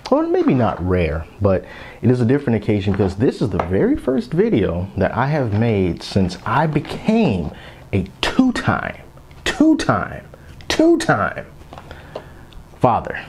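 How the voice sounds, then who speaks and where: A man's voice: lowish voice, huge pitch swings, normal speed, darkish tone, slight background noise. A man in his thirties casually reviewing action figures on camera in a chatty, rambling way, now and then dropping to a whisper. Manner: chatty, rambling, drops into whispers so as not to wake his kids. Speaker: toy collector vlogger.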